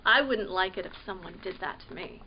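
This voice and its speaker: A woman librarian reading a picture book aloud at storytime, slow and expressive, asking the listening children questions. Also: fairly low pitch, lo-fi sound, slight background noise.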